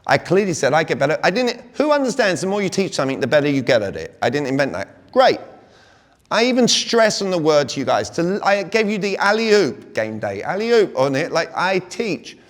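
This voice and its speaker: A man's voice: on the high side, a little fast. A man with a British accent coaching a live audience on sales communication and firing rhetorical questions at the room. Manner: energetic, fires rhetorical questions at the crowd. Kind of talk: live seminar talk. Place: large hall with an audience. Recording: long hall reverb.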